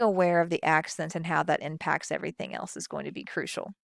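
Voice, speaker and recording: A woman with a Southern US accent gives a recorded lecture on public speaking. Her voice sits a little low and comes through smooth and clear. She plays up her delivery to show each technique, and the recording is dry and close. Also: a little fast, hardly any pauses, dry recording. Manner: expressive, demonstrates vocal techniques.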